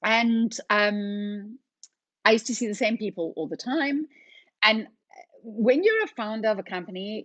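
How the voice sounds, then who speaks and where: A middle-aged woman, telling her story as a guest on a podcast. She is a lively storyteller who acts out the conversations. Her voice sits at an ordinary pitch and sounds dry and close, with almost no room echo. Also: normal speed. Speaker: company founder, podcast guest. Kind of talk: casual storytelling interview.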